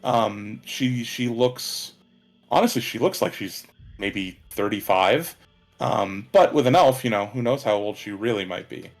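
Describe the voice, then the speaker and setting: A man's voice: lowish voice, unhurried. Man narrating as game master. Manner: relaxed, many fillers.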